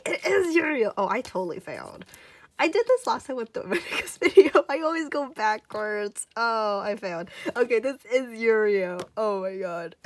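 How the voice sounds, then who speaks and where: A young woman unboxing a package in a casual vlog, gushing and excitable, her voice going a little hoarse. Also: medium pitch, slight background noise. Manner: gushing, excitable, many exclamations. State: voice getting hoarse. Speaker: YouTuber.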